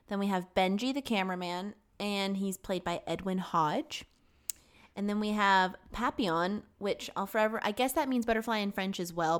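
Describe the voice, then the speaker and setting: A young woman co-hosting a podcast in casual chat, giggly and full of fillers. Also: medium pitch. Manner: giggly, chatty, many fillers. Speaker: podcast co-host.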